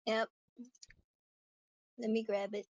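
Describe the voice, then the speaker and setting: A woman's voice: a little high, monotone, slow, a little mellow, no room sound, highs cut off. A woman player in a tabletop game chatting casually and describing characters in detail.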